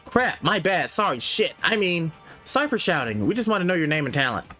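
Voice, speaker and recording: A man's voice: high-pitched, very animated, bright, forceful tone, soft background music, voice pushed up, heavily acted. A man reading a brash, hot-headed young rebel. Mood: gruff. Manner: brash, blurting, quick to apologize.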